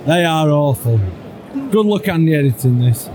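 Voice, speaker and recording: A man's voice: a little high, expressive, moderate pace. A man in the stands of an outdoor football stadium, chanting players' names and cheering as he comments on the match. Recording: loud crowd and music.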